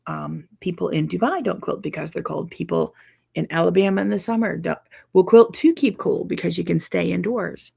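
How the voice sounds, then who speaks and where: A tired woman quilting teacher talks casually to her viewers in a low, gravelly, husky voice. She rambles in a friendly way, with yawns and breaks in her speech from lack of sleep. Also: moderate pace. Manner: tired, yawning, chatty, warm with viewers. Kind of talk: casual live chat to viewers.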